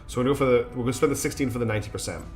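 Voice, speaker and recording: A man's voice: medium pitch, rapid-fire, a little mellow, soft background music. Chatty man with a mixed British accent. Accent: mixed British English with Scottish and Australian traces. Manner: thinks aloud, chatty, many fillers. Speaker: streamer. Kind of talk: live gameplay commentary.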